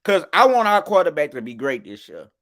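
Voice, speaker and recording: This podcast co-host chats loosely about college football, a little fast, his fairly high, fairly bright voice swinging widely in pitch. He keeps restarting his thoughts and asking listeners, "you know what I'm saying?"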